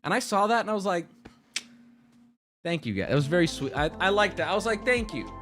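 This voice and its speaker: Male streamer, rambling and profane, lively swooping voice, a touch high, casual chat. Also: a little fast, faint music behind. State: jet-lagged. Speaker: streamer host.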